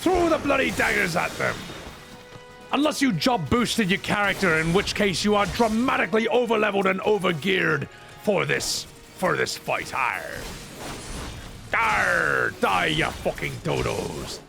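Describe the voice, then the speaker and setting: A man's voice: high-pitched, lively intonation, normal speed, gravelly, music in the background. A man giving crude, joking commentary while playing a game. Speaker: gamer and voice dubber. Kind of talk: casual gameplay commentary.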